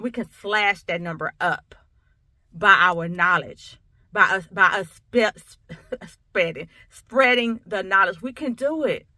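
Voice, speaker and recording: A woman's voice: medium pitch, bright, forceful tone, dry recording. A woman, a coach, telling a personal story to camera in an emphatic, conversational way, often repeating herself. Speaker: coach and sickle cell awareness speaker.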